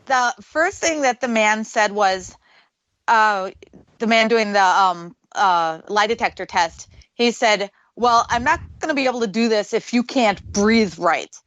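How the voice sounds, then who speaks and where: A woman's voice: medium pitch, measured pace, a bit bright, no echo, lo-fi sound. A woman, a paranormal investigator, tells a story on a radio show and acts out the voices she quotes.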